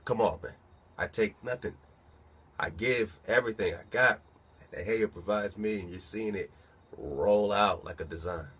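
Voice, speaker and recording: A man with a low, husky voice reads a legal-sounding document slowly, then breaks off to comment on it. He talks casually and keeps asking rhetorical questions. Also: fairly bright tone. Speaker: commentator reading a document aloud.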